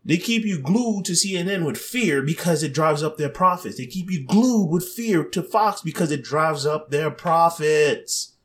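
A man giving a casual, blunt opinion rant to his viewers, animated and mildly profane, with chuckles between his points. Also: a little high, unhurried, hardly any pauses. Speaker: vlogger.

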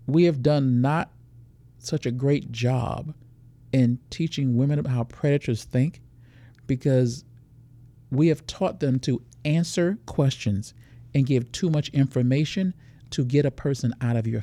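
A man's voice: medium pitch, gravelly, mellow, no echo. A man who is a security expert, explaining how predators work in a podcast interview, walking through scenarios.

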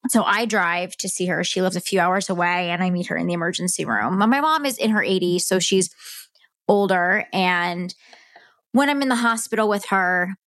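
A woman's voice: on the low side, lively intonation, moderate pace, a bit bright, no room sound, clean studio sound. A middle-aged woman hosting a podcast, telling a personal story in a candid, heartfelt, conversational way. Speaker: podcast host.

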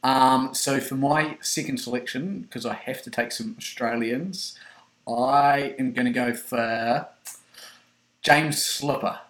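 A man with a New Zealand accent co-hosting a casual rugby podcast chat, relaxed and halting, with many ums and restarts. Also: medium pitch. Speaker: podcast co-host. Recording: echoey room.

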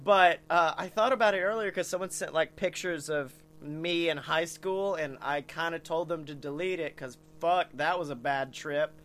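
A man with a slightly high voice co-hosts a casual podcast, telling stories at a moderate pace with hardly any pauses. He's an animated storyteller who swears a lot and laughs often.

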